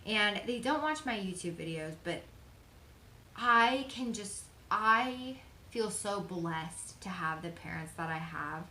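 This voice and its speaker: A woman's voice: medium pitch, expressive, slow, sharp tone, a little hiss or hum. A young woman vlogger talking openly and earnestly about her life, chatty with frequent fillers. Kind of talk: personal confessional vlog. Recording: echoey room.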